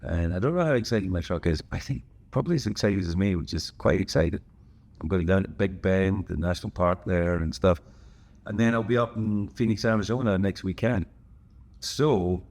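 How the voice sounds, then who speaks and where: A man with a very low, deep voice chats casually as a podcast host. He wanders off on tangents and drops dry, wry asides as he goes. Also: a little mellow. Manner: rambling and digressive, wry asides. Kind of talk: casual solo chat.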